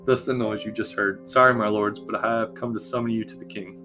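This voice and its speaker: A man's voice: lowish voice, fairly even intonation, brisk, over music, natural voice. A man voicing a clumsy, apologetic young male messenger who talks in a flustered way.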